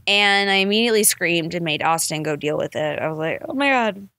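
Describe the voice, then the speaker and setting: Animated woman podcast host, dry sound. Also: low-pitched, fairly quick, dry recording. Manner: animated, full of "like" fillers and swearing. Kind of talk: casual storytelling chat.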